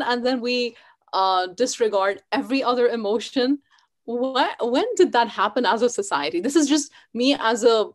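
A woman hosting a casual interview over a video call, chatty and laughing as she talks. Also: on the high side. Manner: warm chatty host, laughs often. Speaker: host.

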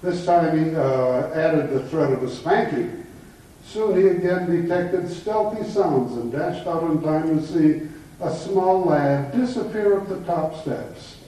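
A man's voice: fairly high pitch, measured pace, warm tone. A man giving a lecture, telling jokes and anecdotes in an easy storytelling way. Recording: echoey room from far off.

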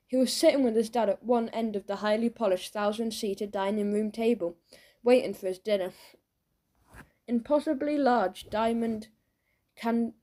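A woman reading a children's audiobook aloud with lively storytelling. Her voice sits a little high and sounds mellow and warm. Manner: lively storytelling, voicing each character. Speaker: audiobook narrator.

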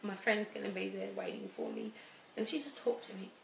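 Woman guest, thirties, gravelly, echoey studio, halting personal story. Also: mid-range voice. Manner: halting and emotional, many restarts. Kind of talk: personal interview. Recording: roomy studio with faint hiss.

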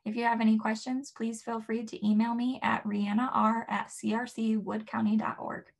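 Gentle, gravelly woman educator. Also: flat delivery, normal speed. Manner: gentle, models soothing words to a baby in a soft higher voice. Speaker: early childhood educator. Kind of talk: instructional talk to parents.

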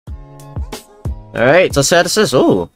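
A man chatting his way through a reaction video, repeating himself and trailing off into asides. His pitch swings widely and sits a little high. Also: very animated, slow pace, faint music behind. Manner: loose and rambling, with lots of repeated asides. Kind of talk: casual reaction commentary.

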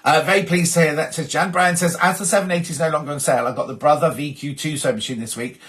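A man's voice: on the high side, fairly even intonation, quick pace, a bit bright. A man hosting a casual live stream, reading out viewer messages in a chatty, rambling way and often breaking off mid-sentence. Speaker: host.

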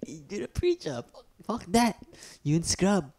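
A man's voice: high voice, huge pitch swings, slow pace, mellow, exaggerated voice. A man doing a trash-talking kung fu champ. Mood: boastful taunting. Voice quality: broken English, trash-talking, taunting. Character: boastful foul-mouthed martial-arts champ, adult man, picks fights. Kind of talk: comedy impression skit.

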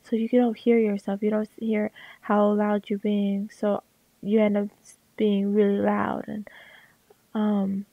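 A young woman with a crackly, gravelly voice, rambling casually with lots of fillers and restarts about her art, into a headset at home. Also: medium pitch, completely flat delivery, a little slow, no room sound, phone-quality sound. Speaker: artist vlogger. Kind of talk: rambling casual talk over a drawing.

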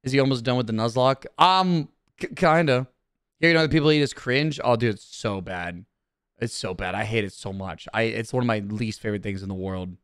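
A man's voice: mid-range voice, brisk, fairly bright tone, smooth, dry recording, clean studio sound. A man streaming live, chatting casually with his chat, swearing often and reading their questions aloud before getting riled up. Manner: profane, reads chat aloud, easily riled up.

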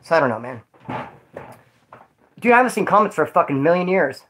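A vlogger tells his viewers prison stories in a casual, rambling way, joking and swearing freely. His voice is fairly high and a bit bright, and he talks a little fast and very animatedly.

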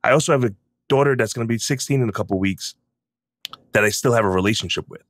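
Emphatic low-voiced middle-aged man. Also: quick pace, no echo, studio quality. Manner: emphatic, opinionated. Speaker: podcast guest. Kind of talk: casual conversation.

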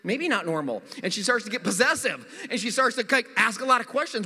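Animated, high-voiced man preaching in a church hall. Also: fast, few pauses. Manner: animated storytelling with humor. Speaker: pastor. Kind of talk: sermon. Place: church sanctuary.

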